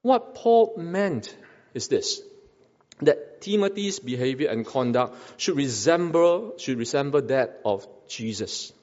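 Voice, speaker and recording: A man's voice: medium pitch, animated, takes it slowly, darkish tone, long reverb tail, highs cut off. A man preaching a sermon, asking rhetorical questions and repeating phrases for emphasis. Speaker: pastor.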